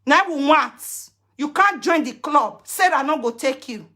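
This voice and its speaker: High, sharp-voiced Nigerian woman ranting. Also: expressive, measured pace. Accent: Nigerian Pidgin. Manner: combative, cursing, threatening; switches into chanted curses. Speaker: social media personality. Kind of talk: live video rant.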